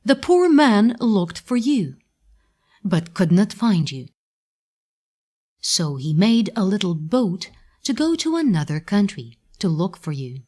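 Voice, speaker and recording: A woman voicing a kindly, helpful talking parrot in a storybook, speaking loudly and coaxingly. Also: mid-range voice, sing-song, takes it slowly, voice pushed up.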